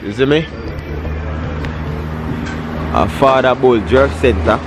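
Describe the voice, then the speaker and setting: A man's voice: mid-range voice, slow, over loud music. A man with a Jamaican accent, talking casually and enthusiastically about a roadside food stop. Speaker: vlogger. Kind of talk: casual chat. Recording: outdoors by the road with loud traffic.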